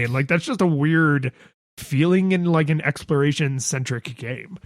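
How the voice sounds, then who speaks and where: This podcast co-host has a slightly high voice and speaks at a moderate pace, recorded dry in studio quality. Chatting casually, he tells stories with animation and slips into character voices for quotes.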